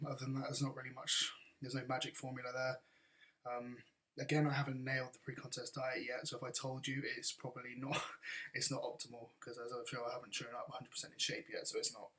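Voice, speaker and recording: A man's voice: mid-range voice, fairly bright tone, slight background noise. A man, a bodybuilder and coach, answering viewer questions in a casual, blunt, rambling vlog.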